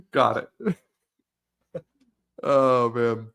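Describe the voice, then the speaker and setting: A man's voice: medium pitch, drawn-out words, gravelly, pauses often. A young man co-hosting a podcast, casually retelling a film's scenes with frequent laughter and quoted lines. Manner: laughs often, animated retelling with quoted voices. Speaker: podcast co-host. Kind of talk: casual movie-recap chat.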